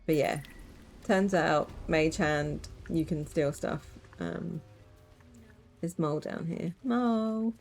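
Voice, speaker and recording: Chatty woman with a gravelly low voice. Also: slow pace, a little mellow. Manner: chatty, giggly, rambling asides. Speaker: streamer. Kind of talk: casual let's-play commentary.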